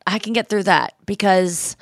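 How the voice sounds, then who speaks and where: Woman podcast host, thirties, animated storyteller, close dry mic. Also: mid-range voice, normal speed, dry recording. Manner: animated storytelling, quotes people in voices. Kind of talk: casual chat.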